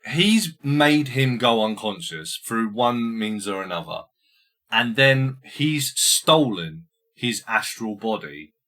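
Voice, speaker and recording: A male podcast host in casual film chat, rambling through his points with frequent stammered restarts. His voice is bright and forceful, at a middle pitch, and his humor is crude. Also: expressive, slow.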